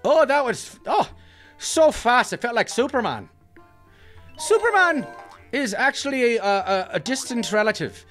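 A man voicing a cheeky, excitable Irish leprechaun who plays a mobile game and shouts at the action, in an Irish accent. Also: extremely high pitch, a little slow, exaggerated voice. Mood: excited. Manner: excitable, exclamatory, jokey stage-Irish. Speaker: gaming channel character. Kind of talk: playing a mobile game with commentary. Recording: faint background music.

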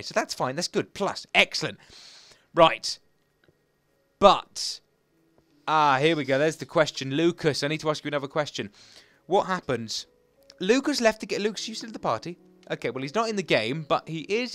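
A young man giving excitable, chatty, self-mocking commentary while playing a video game. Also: a little high. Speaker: gaming channel host. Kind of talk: Let's Play commentary.

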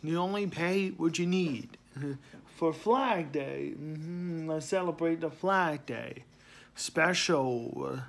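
A sleepy, yawning man giving a casual spoken announcement to his channel, halting with fillers and trailing off quietly. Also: on the high side, gravelly. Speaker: channel host.

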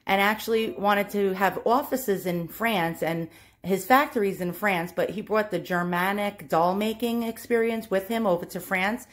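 A woman's voice: medium pitch, normal speed. A woman with a New York accent chatting casually while showing an antique doll, filming on a phone held in one hand at home, laughing at herself as she goes. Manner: chatty, self-deprecating, laughs often. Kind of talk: casual show-and-tell. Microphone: handheld phone camera.

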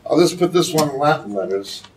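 A man giving sermon-style Bible teaching, explaining slowly and often checking with "okay?". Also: fairly high pitch, lively intonation, far from the mic, low-quality recording. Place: church hall.

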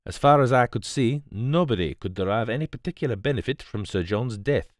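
A man voicing a calm, precise male detective who explains in a placid, grave, measured way. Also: mid-range voice, no echo, studio quality, lightly acted.

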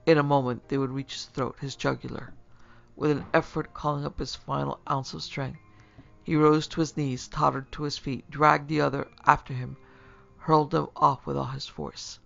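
A male narrator reads a classic horror tale in a measured way. His voice is deeply gravelly and keeps a flat, narrow pitch, and the recording sounds dull and lo-fi. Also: faint music behind. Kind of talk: scripted horror audiobook narration.

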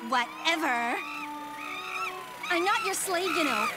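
Brief: sarcastic, deadpan teen girl sidekick, high and lively. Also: takes it slowly, over music, exaggerated voice. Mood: bored. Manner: deadpan, bored valley-girl drawl. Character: bored sarcastic teen girl assistant to a villain. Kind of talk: cartoon voice acting.

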